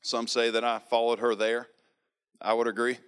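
Smooth-voiced man telling his testimony. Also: mid-range voice, moderate pace. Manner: earnest, storytelling, animated quoting. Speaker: speaker giving a testimony. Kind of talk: personal testimony sermon.

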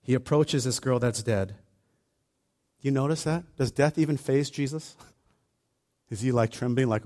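A man's voice: medium pitch, unhurried, pauses often. Conversational male preacher. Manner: conversational, animated retelling with acted-out asides. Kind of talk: sermon.

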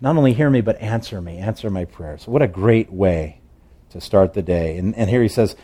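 A man's voice: fairly low pitch, lively intonation, fairly quick, warm tone, slightly rough. A male pastor preaching a sermon in a conversational storytelling way, with fillers and restarts.

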